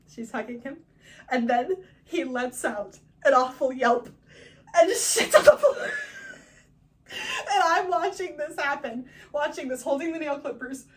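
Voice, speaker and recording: Animated young woman telling a story. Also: on the high side, far from the mic. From Northern California. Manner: animated, laughing often, acting out quotes. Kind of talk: personal storytelling, class assignment.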